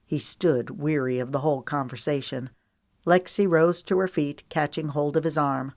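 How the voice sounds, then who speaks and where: Measured woman narrating an audiobook, low-ish. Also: a little mellow, no echo, clean studio sound. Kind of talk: scripted romance audiobook narration.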